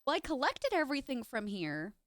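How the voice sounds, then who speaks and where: A woman's voice: high voice, huge pitch swings, brisk, a bit bright, no echo. Chatty congested woman streamer. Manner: chatty, playful asides to chat. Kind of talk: casual live game stream commentary.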